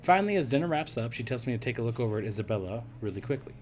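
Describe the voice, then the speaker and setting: A hoarse man reading a visual novel aloud as a let's play narrator, with wry, self-deprecating asides. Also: mid-range voice, lively intonation, very fast, a little mellow, faint music behind.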